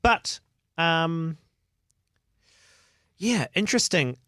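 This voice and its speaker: A man's voice: on the high side, lively intonation, extremely slow, a bit bright, smooth, no room sound. Man, New Zealand accent, co-host, casual, wry, close dry mic. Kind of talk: casual chat.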